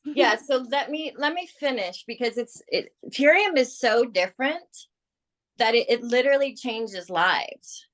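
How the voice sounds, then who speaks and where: A woman's voice: a little high, a little slow. A woman coaching her sales team on a group call, talking with energy and persuasion. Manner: energetic, persuasive, acts out quoted clients.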